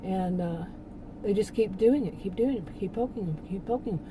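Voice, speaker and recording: A woman's voice: mid-range voice, normal speed, noisy background. A woman talking casually in a rambling monologue, laughing often and restarting her sentences. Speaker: channel host.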